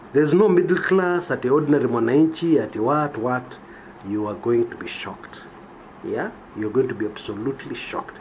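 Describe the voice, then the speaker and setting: A man's voice: medium pitch, slight background noise. A Kenyan man giving an emphatic political monologue, checking in with his listeners with "yeah?" after his points. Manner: emphatic, rhetorical, keeps asking "yeah?". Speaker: political commentator. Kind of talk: opinionated monologue.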